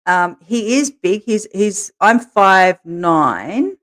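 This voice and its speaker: A woman co-hosting a podcast, telling candid stories in a relaxed way and laughing as she goes. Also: medium pitch, extremely slow. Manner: laughs through her stories, animated quoting. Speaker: podcast co-host, interviewed as guest. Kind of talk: candid conversational storytelling.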